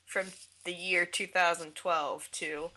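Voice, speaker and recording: Bright-voiced young woman podcast host. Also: lowish voice, fairly even intonation. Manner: enthusiastic, laughs often, fast recaps. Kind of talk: casual fan podcast discussion.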